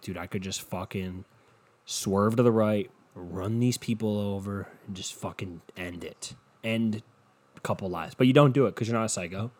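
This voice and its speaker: Young guy ranting alone on his home podcast, lowish voice, swears constantly, mutters then yells. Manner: profane, self-mocking, drifting between muttering and loud bursts. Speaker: solo podcast host. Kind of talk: rambling solo podcast. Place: home, no studio. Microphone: home podcast microphone.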